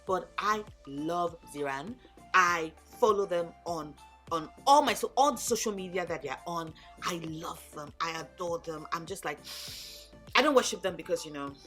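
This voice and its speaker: A woman chatting casually in a vlog, animated and gushing, swearing freely. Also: medium pitch. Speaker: book YouTuber. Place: home in Lagos.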